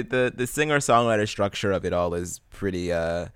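A man's voice: low voice, animated, normal speed, clear, resonant tone, no echo, clean studio sound. A man co-hosting a podcast in casual chat, enthusiastic and rambling, full of fillers and restarts as he talks through songs. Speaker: podcast co-host.

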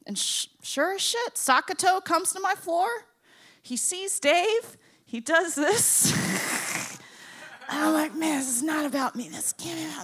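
A young woman from Florida tells a comic story. Her voice is high and bright and jumps around a lot. She acts out the people in it and swings from loud to hushed. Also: expressive, unhurried.

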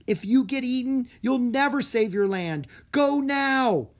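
A storybook narrator voicing a calm, clever young girl. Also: mid-range voice, a little slow, pitched above the performer's own voice. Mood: earnest. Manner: urgent when warning.

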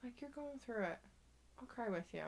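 A woman's voice: fairly high pitch, expressive, moderate pace. A young woman co-hosting a podcast, chatting casually in a teasing way and laughing easily. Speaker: podcast co-host. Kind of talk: casual chat.

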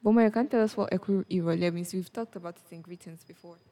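A woman's voice: fairly low pitch, fast talker, mellow. A woman explaining a language lesson on a podcast, often checking in with the listener as she goes. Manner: explanatory, checks in with "yes?" and "okay?". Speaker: Yoruba language teacher.

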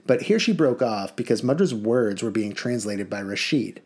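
A man reading a children's novel aloud in a lively, expressive way. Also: fairly low pitch, normal speed, breathy edge. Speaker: audiobook reader.

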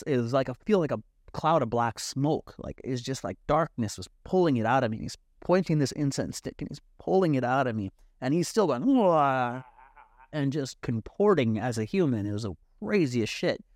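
A young adult man telling a personal story as a podcast guest, animated and swearing freely while acting out what others said. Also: medium pitch, a little fast, no echo, clean studio sound. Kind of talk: casual storytelling.

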